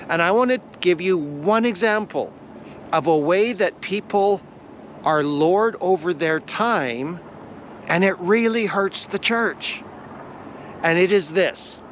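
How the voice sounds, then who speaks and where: A man teaching a devotional lesson on a vlog, earnest and deliberate, repeating his key phrases for weight. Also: high-pitched, a bit bright, slight background noise. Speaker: Bible teacher.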